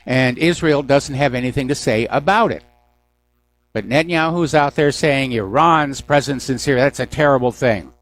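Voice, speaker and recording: Brief: male talk radio host, mid-pitched, sardonic news commentary, takes callers. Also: normal speed, fairly bright tone. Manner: sarcastic, mocking asides. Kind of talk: news commentary call-in show.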